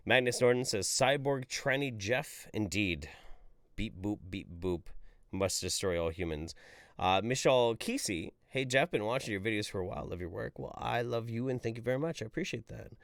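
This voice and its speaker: A man hosts a livestream and rants through the chat messages with plenty of swearing. His pitch leaps around as his exasperation builds. The sound is close and dry, with no room echo. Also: animated, fairly quick, creaky, few pauses. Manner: profane, exasperated ranting; swings between loud outbursts and mumbled asides. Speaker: commentary streamer reading viewer chats. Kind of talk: livestream commentary.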